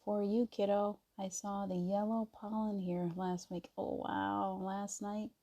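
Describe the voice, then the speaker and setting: A woman hosting a casual live stream, chatting gently and greeting viewers by name. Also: mid-range voice, little pitch movement, a little slow, dull audio. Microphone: device mic on a video stream.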